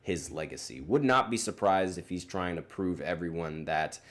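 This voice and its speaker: A man's voice: sits low, normal speed, fairly bright tone. A man hosting a sports podcast, talking casually and rambling, with many fillers and self-corrections. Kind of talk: casual solo sports commentary.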